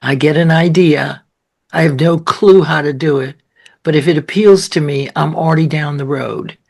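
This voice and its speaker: A woman's voice: low voice, moderate pace, gravelly, darkish tone, slightly rough. An older woman, born in New York and raised in Boston, chatting as an interview guest and telling family stories with the odd whispered aside. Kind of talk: casual conversational storytelling.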